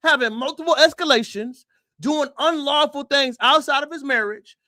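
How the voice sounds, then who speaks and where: A man hosting a commentary livestream, talking emphatically to his viewers with rhetorical questions and punchy repeated phrases, sometimes shouting. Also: extremely high pitch, normal speed, no room sound, clean studio sound. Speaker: livestream host.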